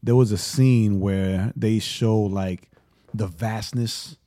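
A man co-hosting a podcast in casual chat, an excitable storyteller who fills his talk with "like" and "right?". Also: lowish voice, slow. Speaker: podcast co-host.

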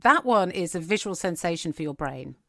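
A woman's voice: on the low side, animated, brisk, fairly bright tone. Chatty woman podcast co-host. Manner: chatty, laughs often, acts out quotes. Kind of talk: casual chat.

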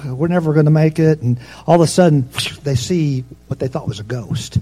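A man preaching a sermon in a conversational, storytelling way, with asides to the congregation, rising in pitch and force to stress a point. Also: a little mellow. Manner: rises in pitch and force for emphasis.

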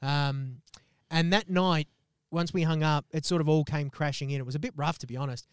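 A man's voice: fairly high pitch, normal speed, clean tone, no echo, clean studio sound. A young man co-hosting a podcast, telling a story in casual chat, swearing often and acting out quotes. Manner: swears constantly, animated retelling with acted quotes. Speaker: podcast co-host.

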